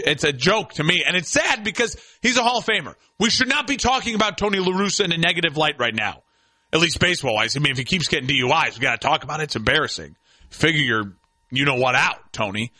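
Animated, opinionated sports radio host man. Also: high-pitched. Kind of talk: sports talk radio monologue.

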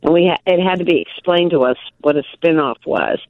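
Older lady from milwaukee telling animated stories, thin phone-line sound, dead dry. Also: low-pitched, brisk, dry recording. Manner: animated, self-deprecating, many restarts. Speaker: guest, actress and author. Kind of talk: casual interview storytelling.

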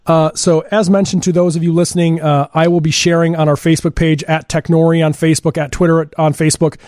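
A man's voice: on the high side, flat delivery, fast talker, a little mellow, dry recording. A man hosting a radio show, talking in a loose, joking way with plenty of fillers, into a studio microphone. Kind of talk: casual radio talk.

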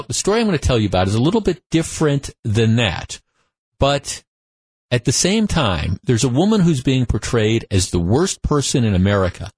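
A man hosting a talk radio show, telling a story in a conversational monologue full of restarts, on a studio microphone. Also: mid-range voice.

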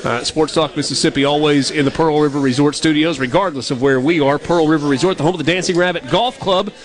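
A man hosting a sports talk radio show, reading sponsor spots in a brisk, upbeat way. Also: fairly high pitch. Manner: brisk, upbeat ad-read delivery.

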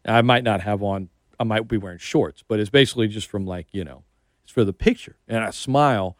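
A man's voice: fairly low pitch, brisk, no room sound, clean studio sound. A middle-aged man hosting a casual sports radio interview, telling stories in a chatty way and acting out the people he quotes. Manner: chatty storyteller, acts out quotes. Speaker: radio host. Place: radio studio. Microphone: studio mic.

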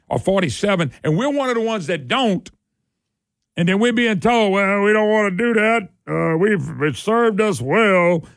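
A man hosts a political talk radio show, sarcastic and folksy as he rails on. His voice sits high and carries a gravelly fry. The studio sound is dry and close. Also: no room sound.

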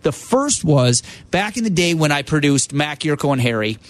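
A man tells a story on a sports radio show in animated bursts. His voice sits a bit high for a man, and it climbs further as he gets into the tale. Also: moderate pace, no room sound. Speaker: radio producer.

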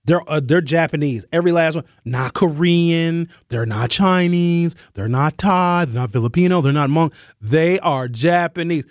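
A male radio host telling a comic story with animated, slangy emphasis. His voice sits slightly high for a man. The sound is close and dry, with no room echo. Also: moderate pace, hardly any pauses.

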